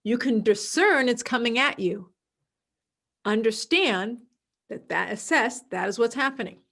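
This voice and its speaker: A woman hosting a podcast, explaining an idea calmly and repeating her key words, sometimes acting out other people's voices. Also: a little high, unhurried, creaky. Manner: acts out quoted voices in a dramatic, excited tone. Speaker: podcast host. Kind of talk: solo podcast talk.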